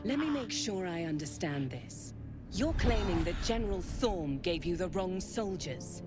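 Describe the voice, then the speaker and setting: A woman's voice: on the low side, lively intonation, measured pace. An actress playing a cold, stern female interrogator who speaks in clipped, commanding phrases. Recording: video game audio with music.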